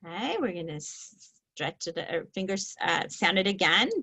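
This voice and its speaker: Slow, patient woman teaching phonics. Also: on the low side, bright, forceful tone. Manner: stretches out word sounds slowly and clearly. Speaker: reading teacher.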